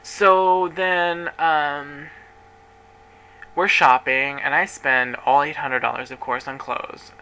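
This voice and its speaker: Bright-voiced young man telling drama. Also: a little high, fairly even intonation, slow, clear, resonant tone, poor audio. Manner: chatty, dramatic, swears freely. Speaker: vlogger. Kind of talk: casual storytelling to camera.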